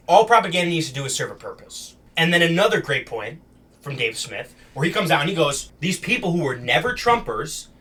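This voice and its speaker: A man's voice: mid-range voice, pushed and bright, husky. A young man giving blunt, slangy political commentary as he reacts to video clips.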